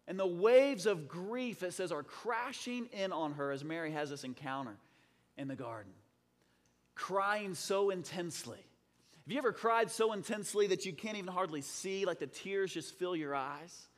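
Male pastor, sermon, high voice, dramatic swings from loud to hushed, long hall reverb. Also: expressive, moderate pace.

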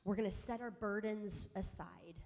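A mother telling a personal faith story in an animated, self-mocking way, acting out the dialogue. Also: medium pitch, normal speed, vocal fry. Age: adult mother. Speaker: speaker sharing a faith story. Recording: long hall reverb.

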